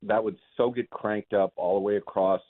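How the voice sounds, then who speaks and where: A man calling a radio show on speakerphone, friendly and earnest, speaking in halting phrases. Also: lowish voice, steady tone. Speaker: radio caller. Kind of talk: casual phone chat. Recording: tinny speakerphone line.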